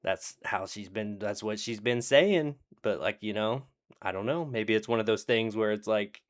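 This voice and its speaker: A man's voice: fairly low pitch, moderate pace. A man casually recapping TV episodes in a rambling, profane, sarcastic way, full of fillers and restarts. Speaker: TV show reviewer.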